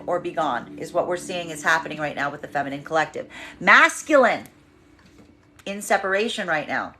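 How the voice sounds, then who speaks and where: A woman giving a tarot reading in an expressive monologue, acting out the voices she quotes. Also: low voice, normal speed, soft background music. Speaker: tarot reader.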